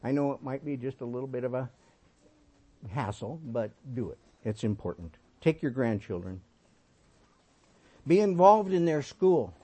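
A man in his sixties preaching a sermon, telling folksy stories and swinging between emphatic points and soft asides. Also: medium pitch, normal speed, slightly rough. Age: 60s. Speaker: pastor.

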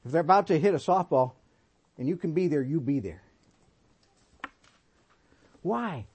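A sixty-something man delivers a sermon with a naturally high voice. He tells folksy stories and moves between emphatic exhortation and quiet, gentle asides. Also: expressive, measured pace, husky. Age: 60s. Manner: folksy storytelling, swinging between emphatic and soft. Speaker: pastor.

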